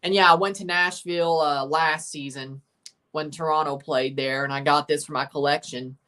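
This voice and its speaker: A man's voice: on the high side, fairly even intonation, moderate pace, bright, forceful tone. A man from Mississippi with a Southern accent, hosting a casual livestream and chatting with viewers in an opinionated, rambling way. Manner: chatty, opinionated, rambling, answers chat messages. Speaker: livestream host. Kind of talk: casual livestream watchalong commentary, reading chat.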